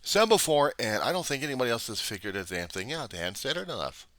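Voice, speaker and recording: Argumentative man, low and bright-toned, very animated, for a political commentary vlog. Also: fast, dry recording. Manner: argumentative, rhetorical questions, acts out both sides. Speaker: vlogger.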